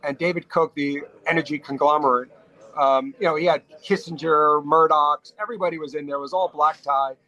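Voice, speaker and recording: A middle-aged man from New York, a restaurateur telling stories as a podcast guest, talking in quick bursts with frequent restarts. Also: fairly high pitch, dull audio. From New York, USA. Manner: animated storyteller, talks fast in bursts with frequent restarts. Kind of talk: casual storytelling interview.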